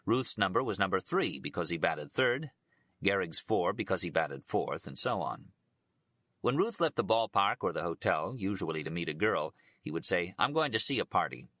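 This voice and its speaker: A man narrating a biography audiobook in a steady, unhurried reading voice. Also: low voice, dry recording.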